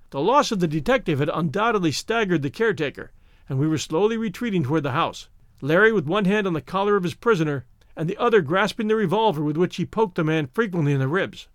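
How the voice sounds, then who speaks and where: A man reads a novel aloud in a steady audiobook narration. His voice is high for a man and very lively in pitch. The recording is dry and close. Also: no echo.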